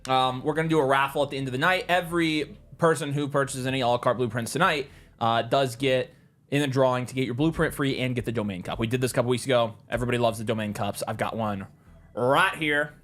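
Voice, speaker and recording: Fast-talking man hosting a live stream. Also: mid-range voice, a bit bright. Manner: fast, upbeat, reads chat aloud with fillers. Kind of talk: casual live-stream chat.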